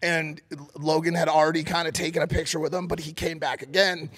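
A man co-hosting a podcast, telling a story in a casual, animated and profane way, acting out shouted quotes. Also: a little high, a little fast. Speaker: podcast co-host. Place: podcast studio.

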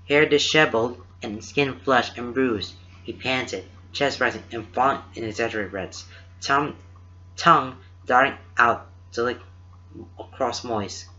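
A man narrating a fan story aloud at a steady, unhurried pace, recorded in dull lo-fi sound. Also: mid-range voice. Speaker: fan fiction reader.

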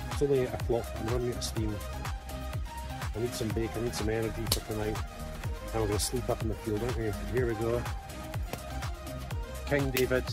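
Chatty man vlogging over music. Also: medium pitch. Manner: chatty, keeps addressing viewers as guys. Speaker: family vlogger and father. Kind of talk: casual vlog chat to viewers. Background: background music.

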